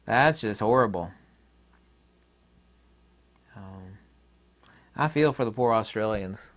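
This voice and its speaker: A man's voice: medium pitch, animated, slow, long pauses, a bit bright. A man hosting his own channel, delivering a rambling, opinionated monologue to his viewers with many fillers and asides. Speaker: channel host.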